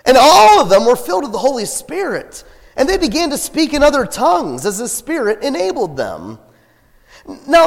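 A pastor delivers a conversational sermon in a church sanctuary, tossing in joking asides and laughter. His voice is high-pitched, and the sound is that of a big room.

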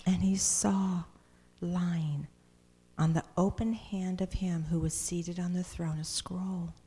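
A woman preaching a sermon in a church, reading scripture dramatically and swinging between loud cries and hushed, whispered passages. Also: fairly low pitch, fairly even intonation, slow, slightly rough.

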